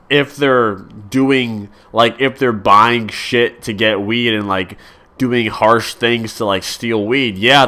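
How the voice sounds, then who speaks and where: Bright-voiced young man rambling. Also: medium pitch. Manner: rambling, many fillers and restarts. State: coughing. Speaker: vlogger. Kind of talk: casual rambling monologue.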